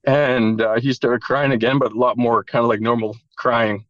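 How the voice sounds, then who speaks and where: A man's voice: medium pitch, fairly even intonation, brisk, fairly bright tone, no room sound, highs cut off. A man telling an emotional personal story in a candid, casual way, with the odd swear word. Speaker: podcast guest.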